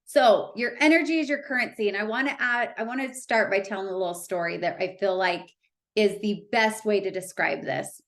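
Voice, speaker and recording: Woman, motivational speaker, casual storytelling, mid-range voice, loose filler-heavy delivery. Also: medium pitch. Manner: chatty, animated, lots of "like" fillers. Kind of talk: storytelling talk to an audience.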